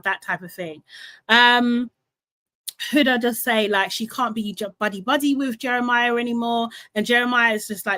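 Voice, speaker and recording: A woman hosting a casual live recap, retelling the drama in a chatty, animated way with some swearing. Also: a little high, normal speed, no echo. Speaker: reality show recap host.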